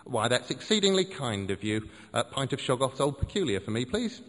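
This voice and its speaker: A man doing a tall, prim, gloomy gentleman. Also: mid-range voice, sing-song, fairly quick, big-room sound. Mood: polite. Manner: courteous, prim. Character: tall gloomy man, politely formal pub regular.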